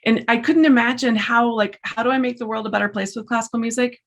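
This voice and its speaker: A woman, a guest in an interview, chatting in an animated, storytelling way about her work as a musician and entrepreneur. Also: a little high, fast. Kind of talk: casual interview chat.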